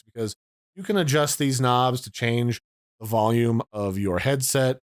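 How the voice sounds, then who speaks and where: A man's voice: medium pitch, dry recording, clean studio sound. Casual man explaining a gadget. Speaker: tech reviewer. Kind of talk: product review and unboxing.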